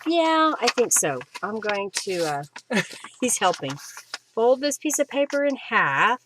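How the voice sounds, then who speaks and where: A woman's voice: a little high, very animated, takes it slowly, background noise. A woman hosting a live crafting demonstration at home, chatting and thinking aloud with fillers as she works. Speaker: craft host.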